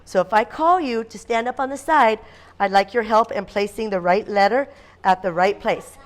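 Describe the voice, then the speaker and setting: A woman teaching a phonics lesson to a class of young children, sounding out letters in slow, repeated chants. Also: mid-range voice.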